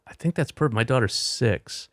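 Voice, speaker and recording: Rambling middle-aged comedian. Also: male voice, mid-range voice, animated, moderate pace, no echo, clean studio sound. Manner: rambling storyteller, swears casually. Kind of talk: casual chat.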